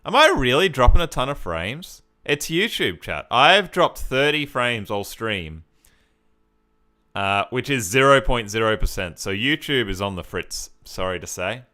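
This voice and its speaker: A man's voice: mid-range voice, sing-song, a little slow, sharp tone. A man giving chatty live-stream commentary as he talks to his chat and often laughs. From Australia.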